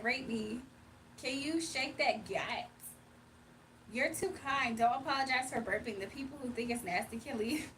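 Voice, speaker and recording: A woman's voice: high voice, fairly bright tone, recorded from a distance, a little hiss or hum. A woman from Virginia hosting a casual livestream, chatting loosely and reading out viewer comments. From Virginia, USA. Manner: chatty, laughs often, reads chat aloud. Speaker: livestream host.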